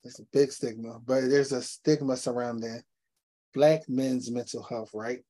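A male host with a warm, mellow voice poses long, loosely built questions, leaning on "you know" as he goes. His pitch is medium, and he talks in a relaxed, conversational way. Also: a little slow. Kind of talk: conversational interview.

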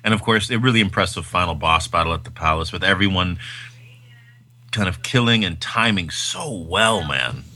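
A man's voice: low voice, expressive, moderate pace, bright, forceful tone. A man co-hosting a podcast, chatting casually about films, enthusiastic and rambling, with lots of fillers. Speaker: podcast co-host. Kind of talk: casual film-review chat.

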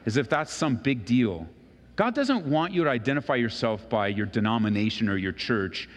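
Brief: male pastor, lively pitch, sermon delivery, big echoing church hall. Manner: animated, acts out voices of Bible figures. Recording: long reverb of a large hall.

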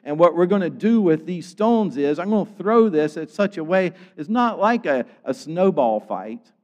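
A man preaching a sermon, acting out scenes and swinging from loud outbursts to hushed tones. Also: on the high side, expressive, moderate pace, in a large hall. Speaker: pastor.

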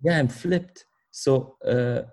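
Halting man with a German-Turkish accent. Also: mid-range voice, darkish tone. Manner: halting, many restarts and repeated words, laughs often. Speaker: fashion designer, guest. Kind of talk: casual conversational storytelling.

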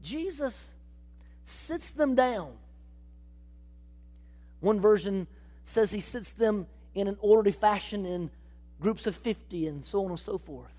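A woman preaching a sermon, acting out Bible dialogue and calling out to the congregation in an animated way. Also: mid-range voice, slow, long pauses. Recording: long hall reverb.

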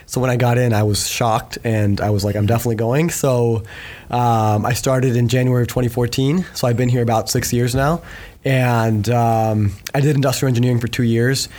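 A man in his twenties, a podcast guest, telling his story in a relaxed way with lots of fillers. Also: medium pitch, fairly quick. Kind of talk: casual chat.

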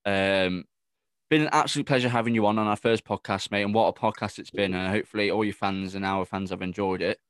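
A man's voice: fairly low pitch, fairly even intonation, fast, clear, resonant tone, dry recording. A man hosting a casual podcast, chatty and matey. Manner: chatty, matey, says "mate" often. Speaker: podcast host. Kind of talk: casual chat.

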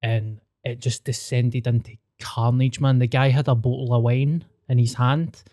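A young Scottish man telling a street story in casual chat, sweary and animated. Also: medium pitch, moderate pace, dry recording, studio quality.

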